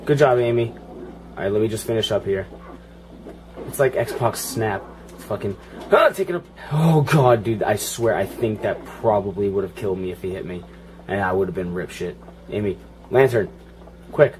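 A man's voice: on the low side, fairly even intonation, normal speed, pauses often, noisy background. Foul-mouthed man narrating his gameplay. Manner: profane, frustrated running banter at the game. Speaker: gaming channel host. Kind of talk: video game playthrough commentary.

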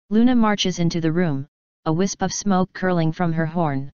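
A woman reading a story aloud as a fanfiction narrator, steady and even. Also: lowish voice, moderate pace, clear, resonant tone, dry recording, muffled recording. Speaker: fanfiction reader.

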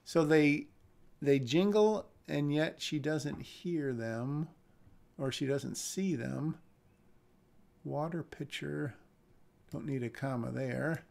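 A man's voice: on the high side, takes it slowly, gravelly, pauses often, darkish tone. A man reading a screenplay aloud on a live stream and critiquing it, thinking aloud with hesitant restarts. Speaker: script reader and critic.

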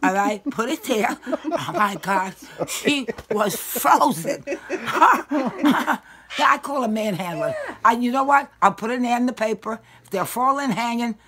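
A woman's voice: a little high, moderate pace, a bit bright. A woman in her own home, chatting casually in a rambling, salty-tongued way while handing over her pets. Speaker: dog owner giving up her pets. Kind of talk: casual chat.

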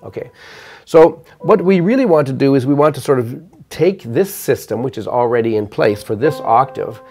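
Older guy lecturing on math at a piano, calm, explains step by step, faint music under him. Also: medium pitch. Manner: measured, explanatory, counting notes aloud. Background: piano notes.

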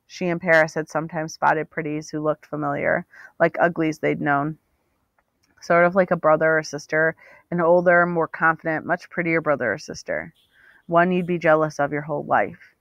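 Expressive woman reading a novel aloud. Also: low voice, moderate pace, gravelly, dry recording, highs cut off. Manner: steady, expressive storytelling. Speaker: audiobook reader. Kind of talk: audiobook narration.

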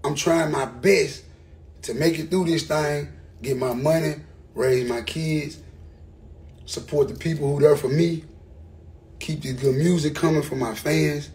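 A Memphis rapper in his thirties, speaking with a Southern accent, rants angrily at the camera, cursing and hammering on repeated lines. His voice is a little high and slightly mellow, and he talks a bit slowly with long pauses.

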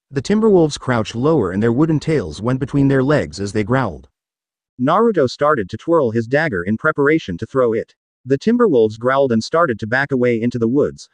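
Brief: male fan-fiction reader, expressive storyteller, mid pitch, dry recording. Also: no echo. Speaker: narrator. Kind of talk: reading fan fiction aloud.

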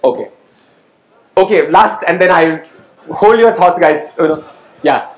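Man, guest lecturer, quizzes the audience, slightly higher voice, echoey lecture hall. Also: measured pace. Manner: engaging, quizzes the audience and calls on people; asks "right?" to check understanding. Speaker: guest speaker. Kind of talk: interactive lecture to students.

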